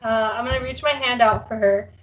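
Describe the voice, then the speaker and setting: A woman's voice: on the high side, steady tone, fairly quick, highs cut off. A woman playing a tabletop game, blunt and joking with her friends. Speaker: player. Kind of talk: casual tabletop play.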